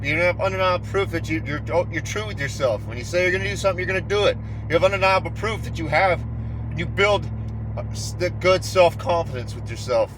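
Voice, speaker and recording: A man's voice: fairly high pitch, a bit bright, slight background noise. A man giving a casual, rambling motivational talk, swearing constantly and speaking with raw intensity.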